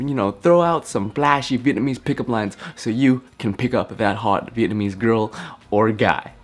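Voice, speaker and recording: A young man vlogging to camera, joking and slangy, with a deadpan prank delivery. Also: medium pitch. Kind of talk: joking vlog talk to camera.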